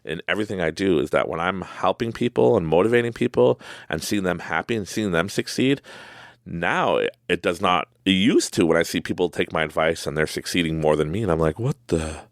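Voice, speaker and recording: A man's voice: low voice, brisk, dry recording, studio quality. A man hosting a podcast, telling motivational stories in a rambling, casual way with many fillers and asides. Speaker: podcast host.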